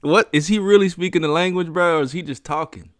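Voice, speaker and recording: A man's voice: fairly high pitch, fast talker, dry recording, clean studio sound. A man reacting casually to a comedy clip, laughing often and tossing in slangy remarks. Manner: laughs a lot, slangy interjections. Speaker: reaction video host.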